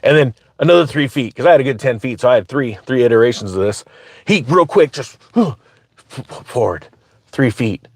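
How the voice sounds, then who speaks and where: A man hosting his own channel, telling a story in a casual, animated way and often laughing as he talks. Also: medium pitch, fairly quick, no room sound, clean studio sound. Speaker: finance commentator, channel host.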